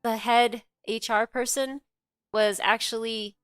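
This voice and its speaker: A woman's voice: on the high side, fairly even intonation, takes it slowly, a bit bright, clean tone, no room sound, faint music behind. A middle-aged woman co-hosting a show, telling a personal story in a candid, rambling way, with lots of fillers and swearing. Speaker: co-host.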